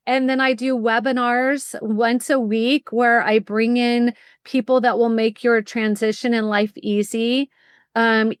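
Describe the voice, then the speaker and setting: A middle-aged woman speaking as a podcast guest, telling stories with lively energy and explaining her services in bursts. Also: fairly high pitch, smooth, dry recording, studio quality. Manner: lively storyteller, fast bursts when explaining. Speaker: guest, college admissions consultant. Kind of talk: casual interview chat.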